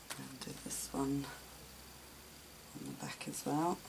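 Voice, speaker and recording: A woman hosting a real-time craft tutorial, talking quietly to herself as she works. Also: very deep voice, big pitch swings, creaky, background noise. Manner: unhurried, talks while working, quiet asides.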